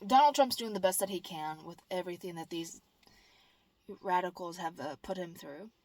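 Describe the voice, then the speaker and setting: A woman's voice: lowish voice, moderate pace, a little mellow. A woman talking casually to her camera, rambling and blunt, swearing freely and mimicking whiny voices. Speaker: vlogger.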